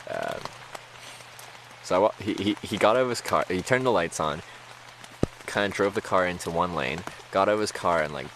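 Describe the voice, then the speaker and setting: Low-voiced guy rambling on stream, laughs a lot, rain pattering behind. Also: very animated, moderate pace, long pauses, noisy background. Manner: rambling, laughs often, many fillers. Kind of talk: casual storytelling to stream chat.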